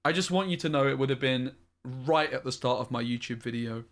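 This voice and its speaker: A man's voice: medium pitch, brisk, fairly bright tone. A man streaming a card game, thinking aloud in a frustrated way and swearing often. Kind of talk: live-streamed gameplay commentary.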